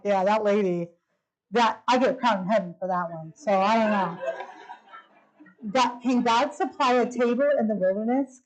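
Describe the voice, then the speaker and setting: A woman's voice: mid-range voice, poor audio. A middle-aged woman giving a testimony talk at a women's retreat, telling stories and acting out the dialogue. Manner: lively storytelling, acting out dialogue. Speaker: retreat speaker.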